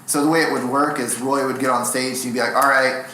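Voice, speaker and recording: A man's voice: mid-range voice, steady tone, fast talker, fairly bright tone, a little hiss or hum. A young adult man, a stand-up comedian and guest in an interview, telling rambling, self-deprecating stories in a casual way. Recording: echoey room.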